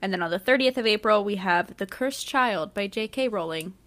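A woman's voice: medium pitch, lively intonation, brisk, a bit bright. A young adult woman co-hosting a podcast, chatting casually in a blunt, giggly way. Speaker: podcast co-host. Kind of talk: casual chat.

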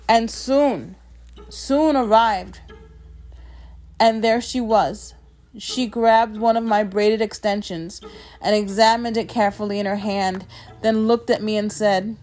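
A woman telling a personal story with strong emotion and dramatic pauses. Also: medium pitch. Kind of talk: personal storytelling over music. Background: soft music.

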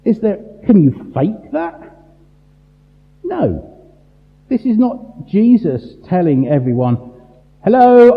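A high-pitched male preacher delivers an emphatic sermon, using rhetorical questions and dramatic pauses. The sound is tinny and phone-like, set in a large, echoing, reverberant hall.

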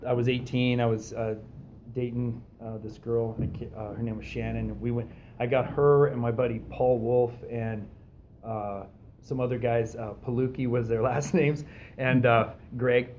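A man's voice: medium pitch, moderate pace, lo-fi sound, slight background noise. A man co-hosting a podcast, telling a story in casual chat and acting out the voices of the people in it. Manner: animated, acts out quoted voices, frequent fillers.

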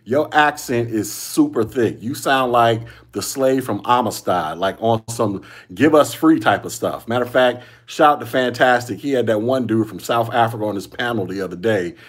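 A man's voice: medium pitch, moderate pace, hardly any pauses. A man hosting a solo podcast, giving casual commentary in loose slangy talk, repeating himself and chuckling often. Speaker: podcast host.

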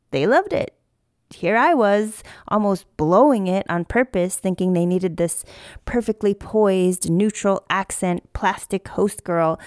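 A woman hosting her own podcast, speaking candidly and earnestly about her life. Her voice sits at a mid pitch, recorded close and dry with no room sound. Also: a little mellow, no echo. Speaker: podcast host. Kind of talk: personal reflective monologue.

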